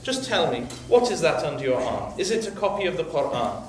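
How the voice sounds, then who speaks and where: A man preaching a sermon, voicing a calm captive imam who questions his accuser, in a very echoey hall with his voice off-mic. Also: fairly high pitch, a little fast, recorded from a distance, slight background noise. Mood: questioning. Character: calm, dignified captive young male imam.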